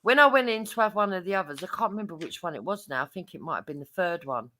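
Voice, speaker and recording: Bright-voiced, feisty woman storyteller. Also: on the low side, quick pace. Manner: swearing, lively storytelling with laughs. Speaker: mother telling stories. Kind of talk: casual chat.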